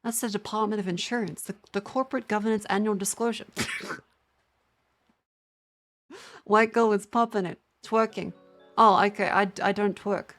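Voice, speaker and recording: A young Australian woman on a livestream who sounds tired and talks at an everyday middle pitch. She rambles from one joke to the next, swears freely and pokes fun at herself while chatting with her viewers. Faint music plays quietly behind her. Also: steady tone, normal speed, long pauses. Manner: rambling, profane, self-mocking banter with chat. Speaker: streamer. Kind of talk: casual livestream chat.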